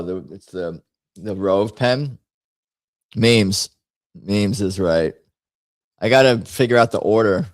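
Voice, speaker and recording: A man's voice: lowish voice, dry recording, clean studio sound. A man hosting a live stream, chatting casually in a rambling, jokey way that keeps breaking off mid-sentence. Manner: rambling, self-interrupting, jokey. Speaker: streamer host.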